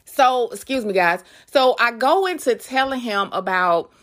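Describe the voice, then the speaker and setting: Bright-voiced chatty woman podcast host. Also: on the high side, measured pace. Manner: chatty, animated, addresses listeners directly. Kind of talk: casual storytelling podcast.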